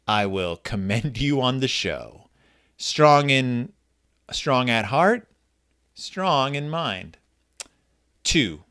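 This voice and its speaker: A man's voice: mid-range voice, fairly bright tone. A middle-aged man hosting a podcast, reading a children's book aloud with wry, self-deprecating commentary and mumbled asides. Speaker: podcast host.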